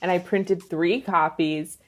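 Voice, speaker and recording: A woman's voice: fairly low pitch, takes it slowly, heavy background noise. A woman comedian guesting on a podcast, chatting casually and telling funny stories about herself with a wry edge. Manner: wry, joking, animated storytelling. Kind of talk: casual chat.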